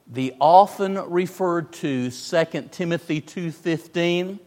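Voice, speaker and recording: Slow, emphatic preacher in a reverberant hall. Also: male voice, on the high side. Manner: emphatic, repeats phrases with rising stress. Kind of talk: sermon.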